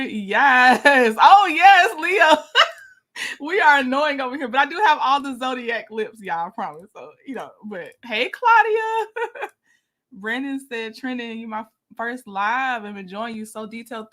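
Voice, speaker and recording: Woman, livestream host, casual chat, slightly high voice, warm greetings to viewers. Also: measured pace. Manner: chatty, greets viewers by name, laughs often. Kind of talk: casual live-stream chat.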